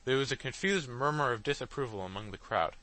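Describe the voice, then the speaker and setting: Bright-voiced male audiobook narrator. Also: medium pitch, fast, poor audio. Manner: steady literary reading. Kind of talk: scripted narration.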